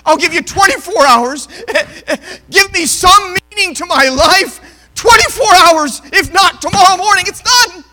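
Desperate crying woman, voiced by a male preacher, stammering and pleading, wide swings in pitch. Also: animated, pushed and bright. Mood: sobbing. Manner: halting, repeating herself through tears.

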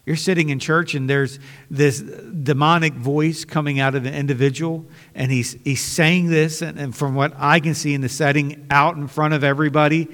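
A man's voice: fairly high pitch, fairly even intonation, moderate pace, a bit bright, big-room sound. A man preaching a sermon as pastor, earnest and conversational, often restarting his sentences.

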